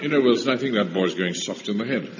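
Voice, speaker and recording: An actor playing a pompous, self-important middle-aged officer in a radio comedy, barking curt orders. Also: male voice, fairly low pitch, animated, fast, close to an everyday voice. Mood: bossy. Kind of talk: radio sitcom acting. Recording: muffled old broadcast with hiss.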